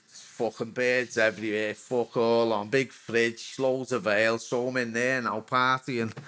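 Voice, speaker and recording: A Liverpool man in his forties tells his own story as a guest, rambling and swearing freely. His talk is frank and unpolished, at an everyday pitch for a man. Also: fairly bright tone, no room sound. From Liverpool, England. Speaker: guest, former footballer. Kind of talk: candid storytelling.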